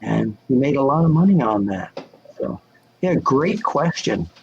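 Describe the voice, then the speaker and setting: An older man telling wrestling-magazine stories on a video call, lively and acting out the voices of people he quotes. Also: medium pitch, measured pace, creaky, lo-fi sound. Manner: animated, acts out quoted voices. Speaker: guest answering fan questions. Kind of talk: casual storytelling chat.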